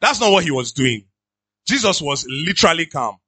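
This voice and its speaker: Lively Nigerian preacher man, high and bright. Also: normal speed, breathy edge, dry recording. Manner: animated conversational preaching with pidgin asides. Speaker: pastor. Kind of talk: sermon.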